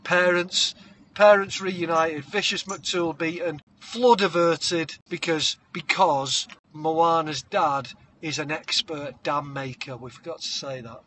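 A man, co-hosting a podcast and spinning an animated comic story, breaking into shouted character voices and hummed tunes. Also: fairly high pitch, slow pace, slight background noise. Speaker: podcast co-host.

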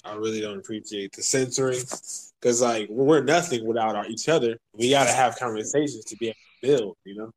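A man speaking as a podcast guest in a relaxed, slangy casual chat. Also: mid-range voice, brisk, a little hiss or hum, poor audio.

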